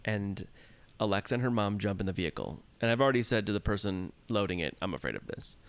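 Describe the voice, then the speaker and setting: A man's voice: fairly low pitch, quick pace, smooth. A man in his thirties casually telling a long story on a podcast, acting out his own fearful lines as he goes. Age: 30s. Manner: animated storyteller, acts out his own fear in quotes. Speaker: podcast co-host.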